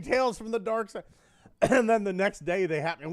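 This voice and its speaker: High, lively-voiced male podcast host. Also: moderate pace. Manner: animated storyteller, swears often. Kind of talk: casual chat.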